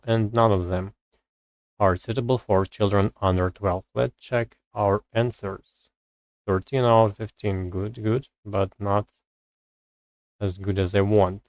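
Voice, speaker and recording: During a live stream, a lowish-voiced man reads English grammar rules aloud and talks his way through exercises, with hesitant pauses while he searches for words. The sound is lo-fi, with no room sound.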